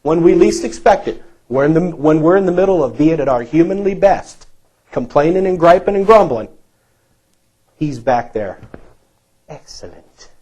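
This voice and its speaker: A man's voice: on the high side, animated, brisk, mellow, low-quality recording. A male pastor preaching a sermon in a church, emphatic and repetitive, asking the congregation rhetorical questions.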